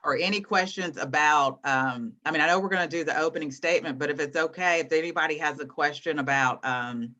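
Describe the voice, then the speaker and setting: A woman in her thirties, a guest teacher, explaining things to students in an encouraging, animated way over a video call. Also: sits low, brisk, hardly any pauses. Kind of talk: online class teaching.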